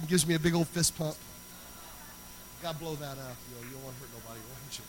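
A man pastor preaching a sermon, telling a personal story that builds into loud, chanting preaching. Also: a little high, fast, rough recording.

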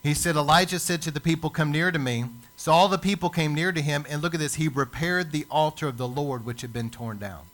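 Male pastor, sermon, slightly high voice, emphatic rises and pauses. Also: fairly bright tone. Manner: preaching with rising emphasis and dramatic pauses. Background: church service.

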